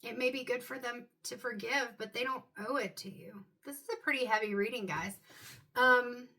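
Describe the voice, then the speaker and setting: A woman giving an intuitive tarot reading to her viewers, talking in a loose, musing way and filling pauses with "um" and "like". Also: on the high side, sharp tone. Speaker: tarot card reader.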